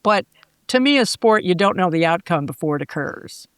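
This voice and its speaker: An older woman, a former sportscaster, telling lively anecdotes as an interview guest and acting out the voices she quotes. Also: lowish voice, moderate pace, no echo. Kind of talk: casual interview storytelling.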